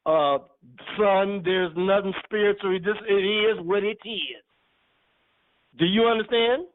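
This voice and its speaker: A man delivers a sermon with emphatic, teasing force, breaking into laughs as he drives points home. His voice sits high. The sound is thin and tinny, like a phone line. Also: a little slow. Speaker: preacher. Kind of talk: sermon teaching.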